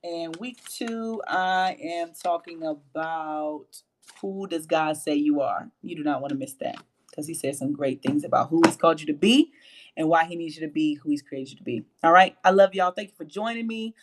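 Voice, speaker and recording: A woman with a low voice hosting a faith-based motivational livestream, emphatic and preachy, repeating phrases for emphasis. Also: normal speed, slight background noise. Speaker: host and motivational speaker.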